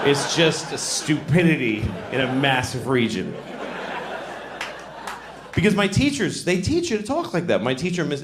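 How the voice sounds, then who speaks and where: A man in his forties from Boston doing crude, rambling, self-mocking stand-up on a club stage into a handheld mic. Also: mid-range voice. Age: 40s. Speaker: stand-up comedian. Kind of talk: stand-up comedy. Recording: echoey live club with crowd noise.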